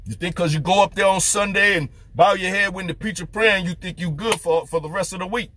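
A man's voice: high-pitched, fairly quick, sharp tone, slight background noise. A man preaching as a street preacher, fervent and firing off rhetorical questions. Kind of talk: preaching to camera.

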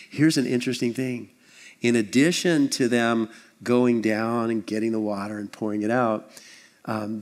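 A man preaching a sermon as pastor, conversational and animated, acting out little scenes with asides. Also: mid-range voice. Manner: animated, acts out voices and scenes.

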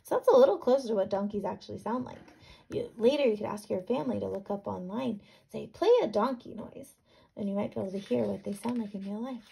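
A woman teacher reading a picture book aloud to young students, animated, asking questions and sounding words out. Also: medium pitch, quick pace, vocal fry, slightly rough.

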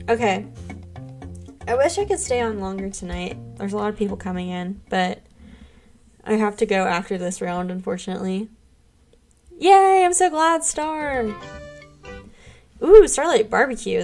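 Bubbly young woman streamer, slightly high voice. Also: a little mellow. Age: young adult. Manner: bubbly, gushing thanks to chat. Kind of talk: casual live-stream chat while gaming.

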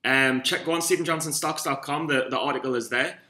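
A man's voice: mid-range voice, brisk, bright, forceful tone. A young man from Newcastle with a Geordie accent, rambling and swearing through a casual vlog from his room. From Newcastle, England. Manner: rambling, swearing, self-mocking. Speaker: vlogger. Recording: echoey room.

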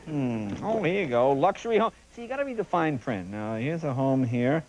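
A man hosting a talk show, running a comedic monologue of joke headlines with animated punchlines and asides to the audience. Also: medium pitch, moderate pace, dull audio. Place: TV studio stage. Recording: TV studio with audience laughter and noise. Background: studio audience laughter.

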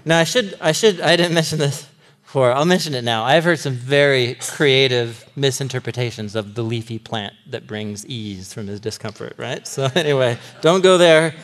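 A man in his thirties, a Bible teacher giving a lively, comic sermon-style lesson to a group, often laughing as he retells the story. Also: medium pitch, moderate pace.

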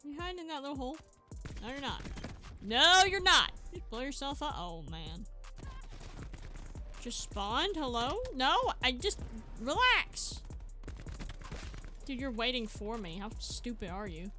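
Woman, gameplay commentary, excitable, trash talk, bright, fairly high voice, faint music behind. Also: moderate pace. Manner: excitable, trash-talking opponents. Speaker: gaming channel host.

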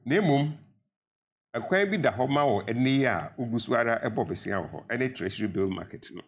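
A man's voice: medium pitch, lively intonation, moderate pace, fairly bright tone. Insistent older Ghanaian man. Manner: earnest, insistent, rising to emphatic appeals. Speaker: pensioner panel guest. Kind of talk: studio panel debate.

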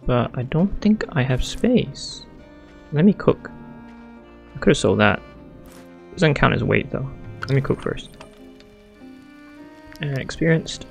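A man giving casual let's-play commentary, excitable and thinking aloud as he plays. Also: medium pitch, gravelly. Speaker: gamer playing a strategy game.

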